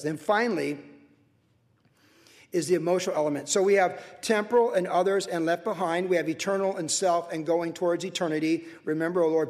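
An older man preaching a sermon from the pulpit in an earnest, emotional way, swinging from soft to loud. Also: a little high, big-room sound. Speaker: pastor. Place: church sanctuary.

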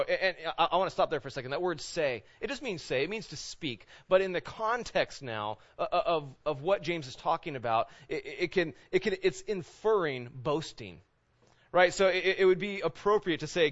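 Thirty-something guy preaching, kinda high voice, chatty with lots of questions, muffled lo-fi recording. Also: expressive, normal speed, a bit bright. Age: 30s. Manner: conversational preaching, rhetorical questions. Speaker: pastor. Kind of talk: sermon.

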